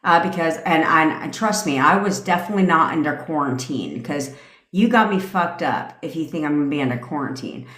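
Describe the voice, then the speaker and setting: A woman's voice: sits low, animated, fairly quick, fairly bright tone. Brash, profane woman ranting in an echoey room. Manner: profane, brash and laughing, tangents and impressions. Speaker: manifestation coach hosting a live stream. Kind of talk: casual live-stream rant.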